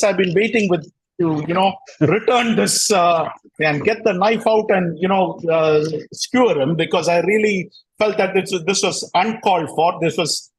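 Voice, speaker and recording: A man's voice: high-pitched, breathy edge, rough recording. A man hosting a cricket talk show, ranting in a combative, sarcastic way and often repeating himself. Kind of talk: heated casual rant.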